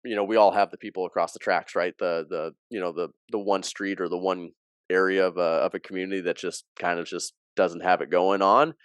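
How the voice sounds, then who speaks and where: Smooth-voiced man telling a story. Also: deep voice, fairly quick, dry recording. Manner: animated storyteller who acts out quoted dialogue. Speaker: athletic director. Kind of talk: storytelling in a podcast interview.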